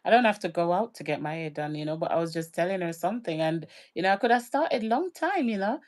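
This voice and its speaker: A woman's voice: lowish voice, lively intonation, fast talker, darkish tone. A woman hosting a casual livestream who laughs often and reads out viewer comments. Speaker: livestream host.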